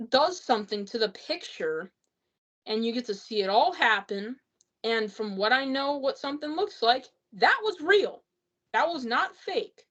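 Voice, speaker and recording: A woman's voice: a little high, a bit bright, lo-fi sound. A woman giving a rambling, exasperated spoken movie review, full of fillers and restarts.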